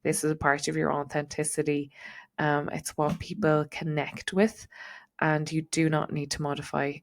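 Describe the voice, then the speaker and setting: A woman's voice: sits low, level tone, normal speed, creaky. A woman with a neutral Irish accent, giving a chatty solo podcast talk as host and coach, with frequent ums and likes. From Ireland.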